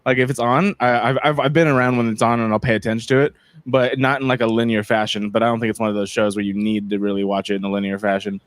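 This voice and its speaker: A man's voice: fairly low pitch, little pitch movement, fast talker, no echo. A man hosting a podcast in casual chat, joking and teasing with lots of filler words. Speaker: podcast host.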